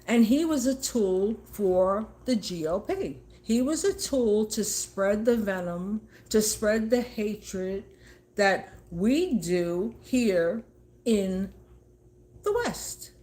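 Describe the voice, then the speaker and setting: A woman delivers an emphatic home-video rant, scolding and repeating herself for emphasis. Her voice sits at an ordinary middle pitch for a woman. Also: lively intonation, slow pace, warm tone. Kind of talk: casual political rant to camera.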